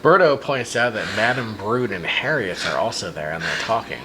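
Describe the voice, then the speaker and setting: A man's voice: on the low side, animated, normal speed, sharp tone, slight background noise. A man hosting a podcast, casually and animatedly retelling a child's silly story, with plenty of fillers and restarts. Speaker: podcast host.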